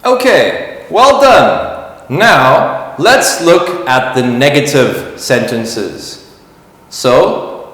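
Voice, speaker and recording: A man teaching English grammar, explaining slowly and patiently and repeating words for learners to say along. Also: medium pitch, fairly bright tone. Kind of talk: slow classroom explanation. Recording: very echoey room with long reverb.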